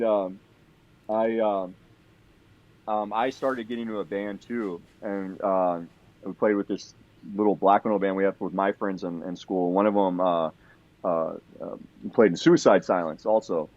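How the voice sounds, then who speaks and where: A man's voice: low-pitched, steady tone, moderate pace, darkish tone, no room sound. A man telling a long story on a podcast in a casual, rambling way, swearing freely and full of fillers and restarts. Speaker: podcast guest. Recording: dull lo-fi sound.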